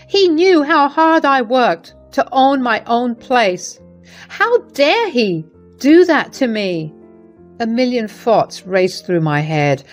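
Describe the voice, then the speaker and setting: A woman narrates a scripted first-person story, earnest and emotional, at a medium pitch. Soft music plays quietly behind her.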